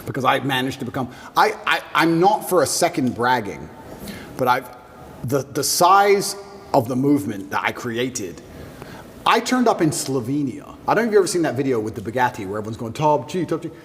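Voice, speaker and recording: A man in his thirties being interviewed, talking forcefully and firing off rhetorical questions. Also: mid-range voice, big pitch swings, a little fast, a little hiss or hum. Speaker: interview guest. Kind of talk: emphatic interview talk. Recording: room with long reverb.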